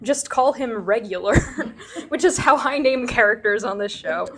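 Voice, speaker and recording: A woman with a slightly high voice recaps a TV episode for a podcast. She keeps laughing as she talks and slips into quick impressions of the characters' lines. The tone is casual chat between friends. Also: lively intonation, a bit bright. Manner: giggly, recaps scenes and acts out quotes. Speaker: podcast co-host.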